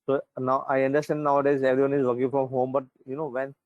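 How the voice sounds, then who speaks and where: A man's voice: medium pitch, flat delivery, fast talker, no room sound, phone-quality sound. Male teacher, dry sound. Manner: conversational, frequent "right?" and "you know". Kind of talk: online class lecture.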